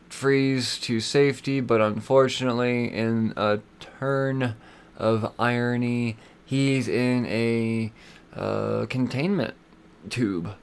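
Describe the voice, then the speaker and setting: A man hosting a podcast, casually reviewing comic books in a rambling, excitable way, with lots of fillers and swearing. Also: medium pitch, clean tone. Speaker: podcast host.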